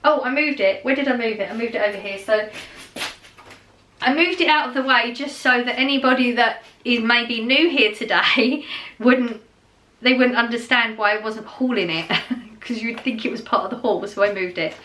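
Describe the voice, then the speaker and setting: A woman's voice: on the high side, moderate pace, bright, forceful tone, slight background noise. A middle-aged woman, chatting casually to camera in a rambling way, with many fillers and restarts. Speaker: vlogger.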